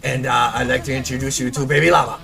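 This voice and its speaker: A man's voice: medium pitch, little pitch movement, quick pace, vocal fry, over music. A man hosting a casual gameplay review, chatty and explaining as he goes. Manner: chatty, explains with stops and restarts. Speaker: host, game reviewer.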